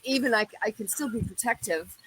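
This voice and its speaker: A woman co-hosting a talk show, telling a personal story in a lively, animated way and acting out the voices she quotes. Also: on the high side, a little fast, slight background noise, rough recording. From Italian heritage. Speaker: co-host. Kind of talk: casual storytelling chat.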